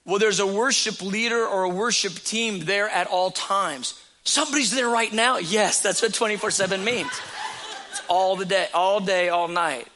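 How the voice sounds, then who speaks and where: A man's voice: high voice, fairly even intonation, normal speed, pushed and bright. A man preaching a sermon as a pastor, talking in a conversational storytelling way with repeated phrases.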